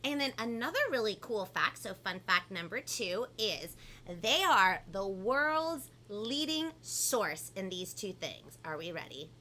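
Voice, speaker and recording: A woman hosting a children's live stream, talking in a bubbly, animated way and reading out viewer comments. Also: mid-range voice, unhurried, slight background noise. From family from Peru. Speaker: host of a live kids' show. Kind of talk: upbeat live-stream chat.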